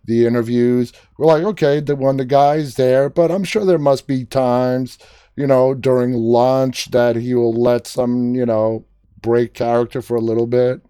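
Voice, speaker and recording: A man's voice: mid-range voice, fairly even intonation, measured pace, mellow, clear, resonant tone, dry recording, studio quality. A man hosting an interview, asking long, winding questions in a casual way. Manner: conversational, long winding questions, short reactions. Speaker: interviewer, host.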